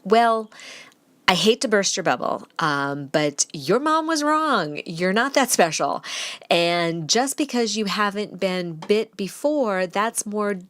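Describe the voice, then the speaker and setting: A woman dog trainer giving casual advice in a podcast, talking bluntly and teasing her listeners, with lively jumps in pitch. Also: slow, dry recording. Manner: chatty and blunt, with playful teasing; animated, with lively shifts in pitch.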